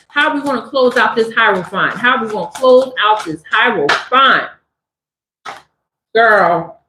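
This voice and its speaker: A woman from Southern California giving a tarot reading, talking straight to her viewers in an animated, affirming manner. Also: a little high, reverberant, low-quality recording. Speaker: tarot reader.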